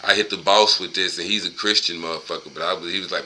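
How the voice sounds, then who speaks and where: Rambling, profane man with bright voice. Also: low-pitched, quick pace, slight background noise, poor audio. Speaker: host reading a book aloud and riffing. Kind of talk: casual monologue with book reading.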